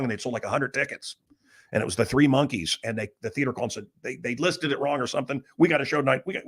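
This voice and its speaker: A man's voice: medium pitch, fairly bright tone. A middle-aged man with a mid-range voice rambles through stories in casual, blunt talk. He curses freely and stumbles through restarts as he goes. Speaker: radio host. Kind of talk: casual storytelling monologue.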